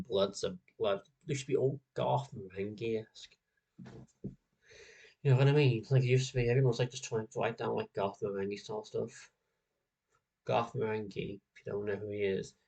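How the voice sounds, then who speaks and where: A man's voice: lowish voice, creaky, husky. A nineteen-year-old man, chatting casually as a streamer, rambling and full of "like". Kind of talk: casual chat.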